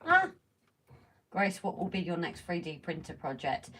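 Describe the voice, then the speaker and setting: A woman's voice: fairly low pitch, sing-song, moderate pace, fairly bright tone. A woman chatting playfully on a casual live stream. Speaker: livestream co-host. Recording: voice from a distance, faint noise.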